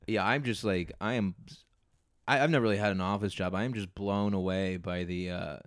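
A man with a fairly low voice talks in a casual podcast chat, exasperated and sardonic, often cracking himself up. The sound is dry and close, with no room around it. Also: fairly even intonation, fairly quick, no room sound. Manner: exasperated, sardonic rants with frequent laughter. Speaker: comedian guest.

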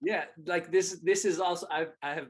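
A man chatting as a guest on a casual podcast, calm, relaxed and friendly. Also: high voice, moderate pace, husky. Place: Chicago.

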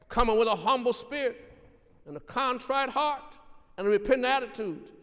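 A man's voice: very high-pitched, moderate pace, bright, forceful tone, clear, resonant tone, big-room sound. A man preaching a sermon in an earnest, emphatic way, repeating his key lines for weight. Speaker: pastor.

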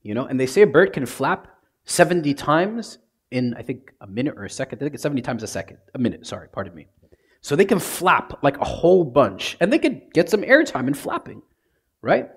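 A man, a priest, preaching a sermon in a conversational yet dramatic way, often dropping to a soft hush. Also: mid-range voice, sing-song, fairly quick, husky.

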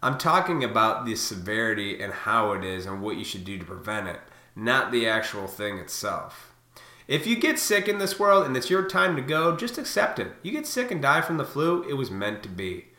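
A man in his thirties delivering a profane, heated rant to camera, swinging between loud outbursts and quieter reflective stretches. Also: medium pitch, sing-song, moderate pace. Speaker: vlogger. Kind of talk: profane ranting monologue. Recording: echoey room.

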